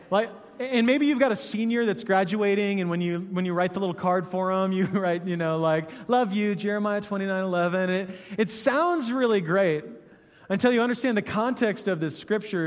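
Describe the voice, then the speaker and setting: A man's voice: high-pitched, brisk, in a large hall. A man, a pastor, preaching a sermon in a conversational, joking way, often asking "right?".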